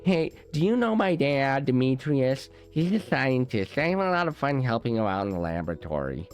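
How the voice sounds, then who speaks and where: A man voicing a nerdy young woman in a farming game, speaking slowly and earnestly. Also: medium pitch, sing-song, soft background music, voice pushed up, close to an everyday voice.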